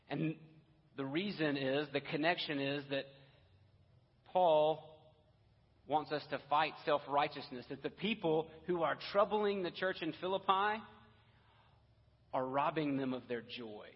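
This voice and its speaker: A man's voice: a little high, husky. A man preaching a sermon as pastor, earnest, with casual asides and restarts. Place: church sanctuary. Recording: dull, echoey church hall audio.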